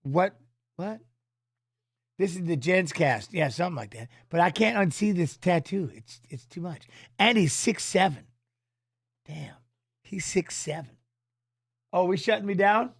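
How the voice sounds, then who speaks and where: A man's voice: high voice, expressive, unhurried, pauses often, no echo. Rambling middle-aged man, dry home stream. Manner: rambling, loose, drops filler tags. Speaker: streaming host and former fighter. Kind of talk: casual livestream chat while watching fights. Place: home office.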